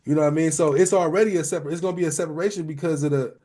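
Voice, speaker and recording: Man, high voice, relaxed, lots of filler checks, casual discussion. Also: rapid-fire. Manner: relaxed, fills talk with "you know what I'm saying". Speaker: discussion participant.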